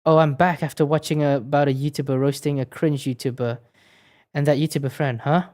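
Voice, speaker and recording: A woman's voice: low voice, steady tone, a little fast, warm tone. A woman streamer making offhand, chatty asides while playing a game. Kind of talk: casual game commentary.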